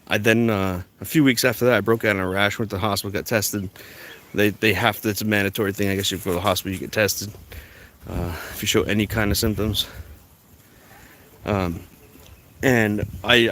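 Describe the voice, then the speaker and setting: A man's voice: lowish voice, fairly bright tone, slight background noise. A young man talking to his phone camera while walking outdoors, rambling with lots of fillers and restarts. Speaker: vlogger. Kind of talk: walk-and-talk vlog.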